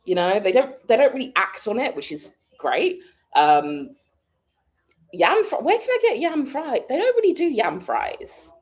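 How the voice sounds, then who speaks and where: A British woman in casual chat, answering viewers' questions with frequent laughs as she thinks aloud. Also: mid-range voice. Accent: British English. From United Kingdom. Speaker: vlogger answering a live chat.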